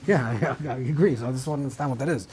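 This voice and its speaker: A man's voice: mid-range voice, very fast, darkish tone. A man teaching a rabbinical class in an informal lecture style, thinking aloud with many restarts and mixing Hebrew terms into English.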